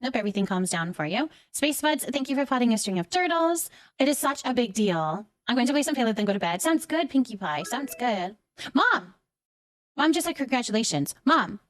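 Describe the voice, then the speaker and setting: Quick and sing-song, a young woman's high voice comes through with few pauses and no room sound. Streaming a game casually, she reads out viewer chat, chatting affectionately and thanking people by name.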